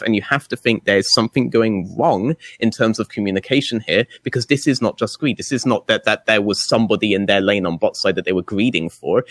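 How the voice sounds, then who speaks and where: Emphatic esports analyst, dry sound. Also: male voice, lowish voice, a bit bright, no echo. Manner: rapid, emphatic, swears while arguing a point. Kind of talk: casual podcast analysis.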